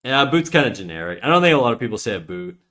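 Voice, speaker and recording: Brief: relaxed Canadian male streamer, mid-pitched, easygoing, casual cursing. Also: racing. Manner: laid-back, swears freely, thinks aloud with fillers. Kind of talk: casual live-stream chat.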